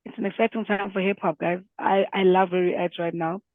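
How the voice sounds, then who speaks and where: On a music podcast, a high-pitched male co-host chats casually, talking quickly with lively enthusiasm. The sound is tinny and phone-like, though there's no echo.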